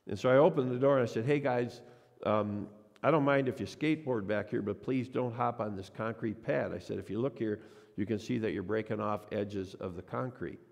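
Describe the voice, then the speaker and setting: A man's voice: lowish voice, fairly quick, creaky, a little mellow. A man preaching a sermon as a pastor, telling a personal story and acting out the voices of the people in it. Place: church sanctuary. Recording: long church reverb.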